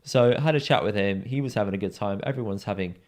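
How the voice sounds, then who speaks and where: A young man from in England, co-hosting a podcast, telling a pub story in a casual chat and acting out the people he quotes. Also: fast talker. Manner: animated storyteller, acts out quoted voices with big pitch jumps. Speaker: podcast co-host.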